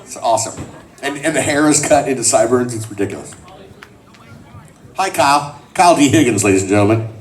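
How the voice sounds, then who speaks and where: A man's voice: medium pitch, a little fast, long pauses, recorded from a distance. A man telling jokes and stories to a convention crowd at a panel. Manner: joking, animated storyteller. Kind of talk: comedic panel talk to a crowd.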